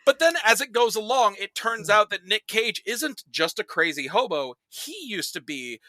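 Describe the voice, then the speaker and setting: A man retelling film plots in casual podcast chat, animated and swearing freely. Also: high-pitched, moderate pace. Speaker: podcast guest reviewing films.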